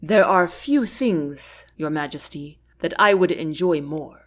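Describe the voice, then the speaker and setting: A woman voicing a quiet, gruff male bodyguard in a storybook reading, terse and measured. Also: sits low, pitched below the performer's own voice.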